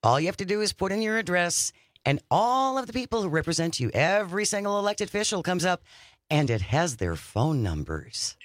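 A man's voice: high-pitched, very animated, fairly quick, a bit bright, no room sound, clean studio sound. A man hosting a talk radio show, talking in a conversational way and turning to the listeners for station breaks. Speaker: radio host.

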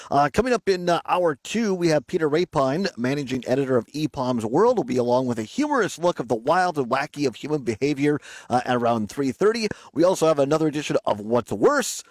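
A man's voice: a little high, very animated, a little fast, hardly any pauses, no room sound. A man hosting a live radio show outdoors, chatty and rambling with lots of fillers. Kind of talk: casual live radio chat. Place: outdoors by a lake.

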